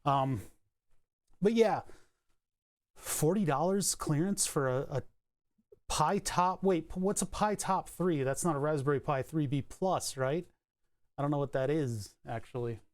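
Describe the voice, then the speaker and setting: A man chatting casually to his stream audience from a home workspace on a desk mic. He rambles with fillers and restarts, and breaks into high baby talk for his dog. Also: normal speed. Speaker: livestreamer. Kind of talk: casual live-stream chat. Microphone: desk mic on a cable.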